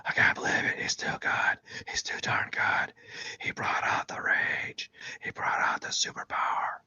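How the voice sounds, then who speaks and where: A man's voice: a little slow, pushed and bright, lo-fi sound. A man putting on a whispered role-play of an awestruck online fan who gushes over an artist and despairs of his own work. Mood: awed despair. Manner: breathy, overwrought whispering.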